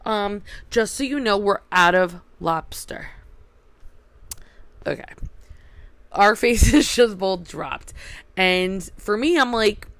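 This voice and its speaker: A woman's voice: medium pitch, expressive, slow pace, long pauses, no echo. A young woman from New York telling a rambling casual story, swearing freely and saying "like" constantly. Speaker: vlogger.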